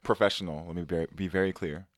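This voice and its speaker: Laid-back male co-host in his thirties, low voice, close dry sound. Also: fairly even intonation, fast talker, no echo. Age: 30s. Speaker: podcast co-host. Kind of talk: casual chat.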